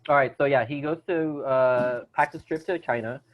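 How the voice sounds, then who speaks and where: A man's voice: mid-range voice, normal speed. A man hosting a podcast, chatting casually about a movie, rambling with many fillers and restarts. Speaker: podcast host. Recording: dull lo-fi sound.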